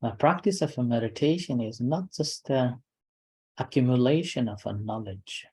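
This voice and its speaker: A man giving a calm dharma talk as a meditation teacher, in short, unhurried phrases with pauses between them. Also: mid-range voice, slightly rough, poor audio.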